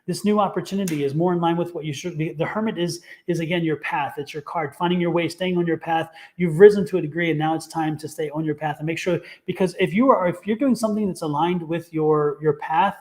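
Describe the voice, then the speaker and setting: A man's voice: on the high side, darkish tone. A man doing a livestream tarot reading, talking enthusiastically in a rambling way and laughing often. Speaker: tarot reader.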